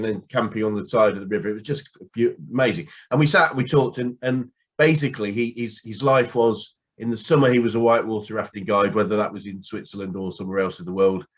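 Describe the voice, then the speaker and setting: A man interviewing a business guest in casual chat, hesitant with many restarts and fillers. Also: fairly low pitch.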